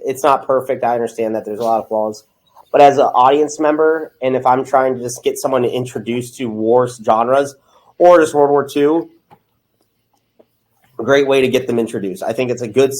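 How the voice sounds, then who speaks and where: A man's voice: mid-range voice, darkish tone. A young man co-hosting a casual film podcast, rambling and upbeat, often laughing. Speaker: podcast co-host. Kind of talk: casual film-review chat.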